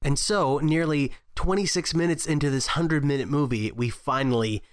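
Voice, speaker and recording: A man's voice: a little high, normal speed, clean tone. Wry, joking man co-host. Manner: wry, joking, many restarts. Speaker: podcast co-host. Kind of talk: casual film discussion.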